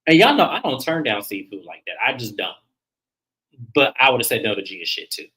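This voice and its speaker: A man casually recapping a reality TV episode, animated and profane, acting out the cast's lines. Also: medium pitch, brisk, low-quality recording. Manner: animated, profane, laughs, acts out cast lines. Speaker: podcast co-host.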